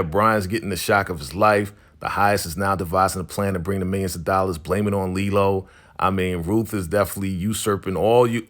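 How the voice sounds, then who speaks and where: A man hosting a TV episode recap, retelling the story casually with slang and lively asides. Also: sits low. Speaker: TV recap channel host.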